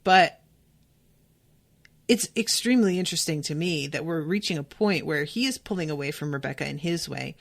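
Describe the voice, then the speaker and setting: A woman hosts a casual podcast and recaps a TV episode with animated emphasis. Her voice sits a little low, and she swears freely and speaks straight to her listeners. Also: normal speed, vocal fry. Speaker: podcast host.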